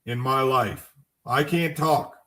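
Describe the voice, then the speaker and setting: A man's voice: mid-range voice, takes it slowly, fairly bright tone. A man co-hosting a podcast, chatting casually and making fun of himself. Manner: joking, self-mocking. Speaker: podcast co-host. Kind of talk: casual chat.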